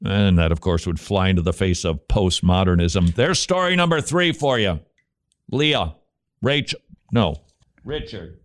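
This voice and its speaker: A man's voice: low voice, measured pace, no echo. Guy hosting a talk show, sarcastic and punchy, dry close sound. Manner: animated, sarcastic, emphatic. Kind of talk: opinionated commentary.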